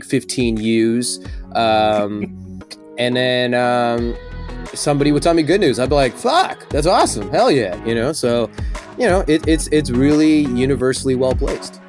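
A man's voice: mid-range voice, darkish tone. A man from Chicago chatting casually as an interview guest, enthusiastic and rambling. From Chicago, USA. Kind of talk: casual chat.

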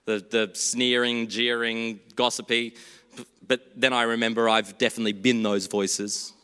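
A man preaching a sermon in a church, earnest and storytelling, moving between hushed and animated delivery. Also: mid-range voice, normal speed, smooth, in a large hall.

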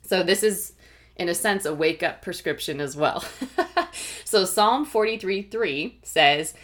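A woman's voice: fairly low pitch, measured pace, a bit bright. A woman giving a faith-based teaching talk, earnestly explaining and checking in with her listeners with a frequent "okay?" and "right?". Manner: earnest, explanatory, occasional restarts. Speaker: Christian teacher and life coach.

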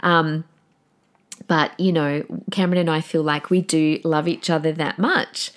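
A woman's voice: deep voice, fairly even intonation, unhurried. A woman in her forties hosting a podcast, talking casually and emotionally about her marriage and tearing up easily. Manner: chatty and emotional, tears up easily. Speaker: podcast host. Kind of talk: casual solo podcast talk.

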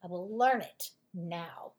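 A woman doing a squeaky little mouse. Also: big pitch swings, slow pace, full character voice. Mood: hopeful. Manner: squeaky, eager and nervous. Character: small timid male mouse, hopeful. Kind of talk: storybook read-aloud.

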